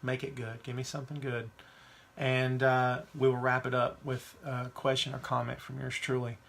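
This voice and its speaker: A man's voice: mid-range voice, level tone, moderate pace, vocal fry, fairly bright tone. A man hosting a wrestling podcast, talking casually and giving strong opinions while reading viewer questions. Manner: chatty, opinionated, reads live chat questions. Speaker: podcast host.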